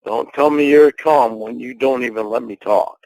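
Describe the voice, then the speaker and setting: A man, the host, in a loud, profane, confrontational argument. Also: mid-range voice, moderate pace, no echo, low-quality recording. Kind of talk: heated argument.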